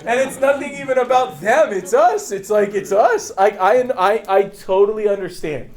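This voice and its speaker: A man with a high voice gives his agency team a fervent, sermon-like talk. He is blunt and repeats his points over and over, hammering them home with rhetorical questions. His delivery is confrontational and breaks into bursts of laughter. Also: moderate pace. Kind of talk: fervent motivational preaching.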